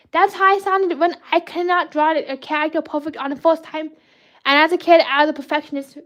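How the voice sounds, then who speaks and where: A woman hosting a live art stream, chatting excitably with viewers while drawing, rambling and often restarting her sentences. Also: sits high, a little fast. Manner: bubbly, rambling, cheers and greets viewers; self-corrects and restarts often. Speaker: livestream host drawing fan art requests.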